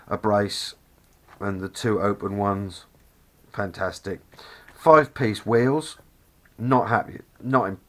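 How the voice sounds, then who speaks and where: A man with a Norfolk accent and a fairly low voice, talking through a model kit in a loose, chatty way. He gushes with enthusiasm, wanders a little and keeps correcting himself mid-sentence. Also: fairly bright tone. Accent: Norfolk English. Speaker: scale model kit reviewer. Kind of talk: casual review walkthrough.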